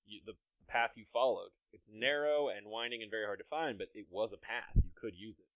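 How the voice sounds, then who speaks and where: A man's voice: on the low side, brisk, no echo, phone-quality sound. A man narrating a tabletop game as game master, descriptive and amused, laughing often.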